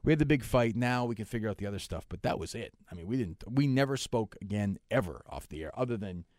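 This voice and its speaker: Fast, animated male radio host. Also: on the low side, no room sound, studio quality. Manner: animated, swearing, quick and sarcastic. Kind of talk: casual radio talk.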